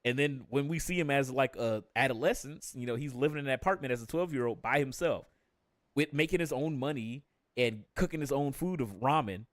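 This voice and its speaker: A man's voice: mid-range voice, fairly quick, no room sound. A man rambles and rants on his live stream, peppering every line with curses and bursts of laughter. His voice sits in an ordinary middle range, and the sound is dry and close with no room around it. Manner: profane, animated, laughs often, mimics characters in quotes. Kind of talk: casual live-stream rant.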